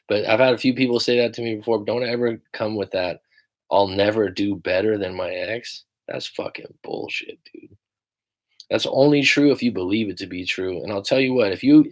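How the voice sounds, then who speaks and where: A man coaching viewers on a livestream, blunt and emphatic, swearing often as he reads and answers their comments. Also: lowish voice. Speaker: relationship coach.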